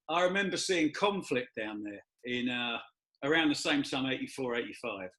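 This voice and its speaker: A man, hosting a casual chat and telling lively anecdotes in which he acts out the people he quotes. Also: mid-range voice, moderate pace. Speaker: host.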